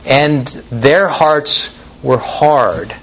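A man's voice: medium pitch, lively intonation, extremely slow, a bit bright, a little hiss or hum, low-quality recording. A man preaching a sermon in an earnest, exhorting manner, sometimes restarting his phrases.

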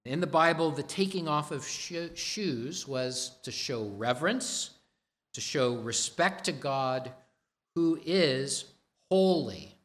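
A man preaching a sermon, slow and deliberate, stressing repeated words for emphasis. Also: a little high, animated, fairly bright tone. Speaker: pastor.

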